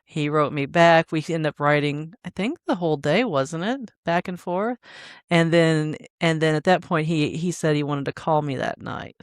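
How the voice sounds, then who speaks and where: A woman co-hosting a casual podcast, telling their story in an animated way and laughing often. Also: deep voice, moderate pace, no echo, studio quality. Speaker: podcast co-host. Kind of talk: casual chat.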